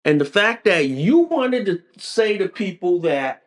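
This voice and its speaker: A man's voice: sits high, big pitch swings, a little slow, few pauses. A man hosting a podcast, delivering an emphatic, repetitive political rant. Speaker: podcast host.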